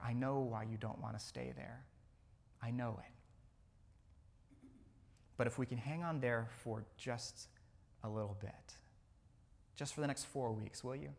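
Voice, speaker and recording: A man's voice: mid-range voice, creaky. A man preaching a sermon in a church, earnest, often repeating phrases for emphasis. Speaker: pastor. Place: church sanctuary.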